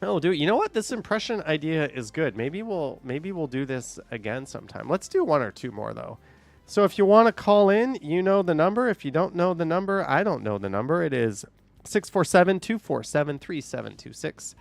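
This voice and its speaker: A man's voice: a little high, big pitch swings, a little fast, creaky, no echo. A man hosting a live stream, chatting with callers, laughing often and reading chat messages aloud.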